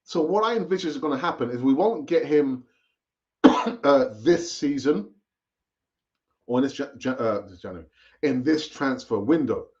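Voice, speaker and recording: A man's voice: medium pitch, animated, normal speed, long pauses, darkish tone. A man hosting a live football fan stream, chatting casually and repeating himself as he urges viewers to comment. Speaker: fan channel host. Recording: dull lo-fi stream audio.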